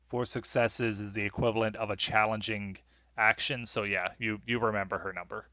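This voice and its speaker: A man's voice: lowish voice, steady tone, moderate pace, sharp tone, no room sound. A man running a tabletop game as game master, talking with many hesitations and fillers.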